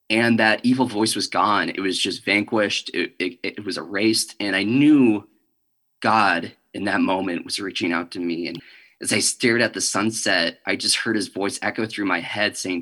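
Bright, earnest young man sharing a testimony. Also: fairly low pitch. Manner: earnest, halting, with nervous laughs. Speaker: interview guest. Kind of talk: personal testimony in an interview.

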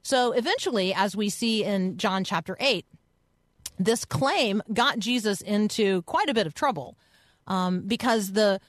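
A woman hosts a radio program and unpacks a Bible passage in an earnest, explanatory voice. Her pitch sits in the middle of the range, and the studio sound is dry and close. She talks it through casually, as if thinking aloud. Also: dry recording. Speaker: radio host. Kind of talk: conversational Bible teaching on radio.

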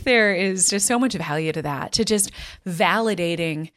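A woman's voice: lowish voice, normal speed, a bit bright. A woman hosting a podcast, talking casually and asking the guest reflective questions. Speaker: podcast host. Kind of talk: casual conversational interview.

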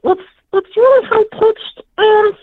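A man voicing a hyper cartoon little boy in a very high-pitched, childlike, sing-song voice. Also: slow pace. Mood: chirpy. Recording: tinny phone-like call line.

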